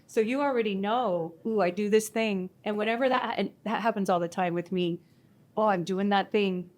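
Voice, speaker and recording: On a live panel at a community event, a woman speaks in an animated, self-mocking way, often acting out her own inner voice. Her pitch is medium and her pace moderate.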